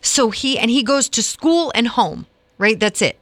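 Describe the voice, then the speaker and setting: A woman in her forties, co-hosting a morning radio show and telling a story in an animated, chatty way. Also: fairly high pitch, a little slow, dry recording. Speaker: radio co-host. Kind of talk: casual morning radio chat.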